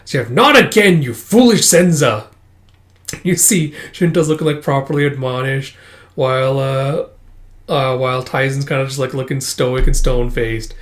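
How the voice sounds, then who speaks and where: A man's voice: medium pitch, flat delivery, normal speed. A young man hosting a casual manga read-through, chatty and full of fillers, raising his voice when he reads the characters' lines. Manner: chatty, many fillers, laughs while reading, raises voice for quoted lines. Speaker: manga reaction host.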